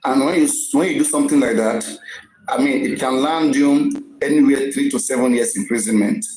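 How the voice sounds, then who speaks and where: A man's voice: medium pitch, a little fast, a little mellow, reverberant, poor audio. Emphatic Nigerian man hosting a live stream. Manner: emphatic, repeats words often. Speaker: live-stream gossip host. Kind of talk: casual live-stream commentary.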